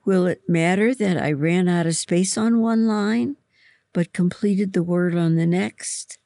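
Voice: medium pitch, a little slow, gravelly, dark tone, no room sound, pitched above the performer's own voice. A reader voicing an anxious young schoolgirl who sounds worried. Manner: worried, fretful.

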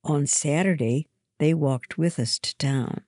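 A woman reading a children's storybook aloud, slow and measured. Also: low voice, a little mellow, no room sound, studio quality. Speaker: reader. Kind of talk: storybook narration.

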